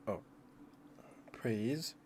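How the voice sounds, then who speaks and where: A sleepy, yawning man streaming ASMR, chatting gently and affectionately with his viewers in a soft-spoken way. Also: lowish voice, expressive, extremely slow, a little hiss or hum.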